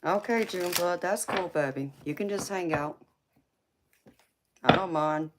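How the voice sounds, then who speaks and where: On a very noisy recording, a woman whose voice sits on the low side talks at a measured pace. A tarot reader from the American South with a heavy accent, she hosts a relaxed livestream, laughing often and teasing her audience as honey and baby.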